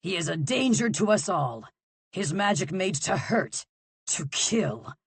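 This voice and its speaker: Woman doing a booming, scheming king. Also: big pitch swings, unhurried, fairly bright tone, slightly rough, no room sound, full character voice. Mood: bellowing. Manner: booming, proclamatory. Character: scheming male king, grandly theatrical.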